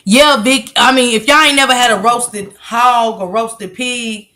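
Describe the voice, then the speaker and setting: A woman from the American South hosts a livestream, casually reading comments and chatting with viewers while swearing freely and laughing often. Her voice is a little high, steady, sharp, and a little slow.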